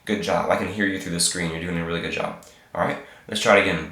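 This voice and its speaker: A man teaching a Hebrew reading lesson over a screen share, speaking slowly and patiently and repeating each sound for his learners. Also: sits low, fairly even intonation, bright, forceful tone. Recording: roomy echo.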